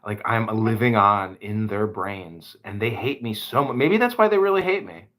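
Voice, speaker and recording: A man's voice: on the low side, lively intonation, moderate pace, a bit bright. A man hosting a podcast, telling rambling, profane stories in casual chat. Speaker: podcast host.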